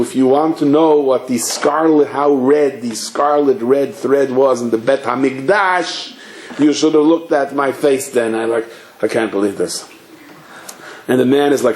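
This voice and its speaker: A man, a rabbi, giving a sermon with animated storytelling and acted-out dialogue. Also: mid-range voice, a little hiss or hum. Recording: echoey room, faint ambience.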